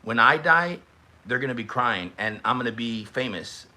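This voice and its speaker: A young man hosts a live stream and reacts to roasts in chat. His voice is bright and forward. He talks in a loose, teasing way, and now and then he shouts or stretches a word out for effect. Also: medium pitch, normal speed. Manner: excitable, teasing, shouts and stretches words at big moments. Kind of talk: casual live-stream commentary.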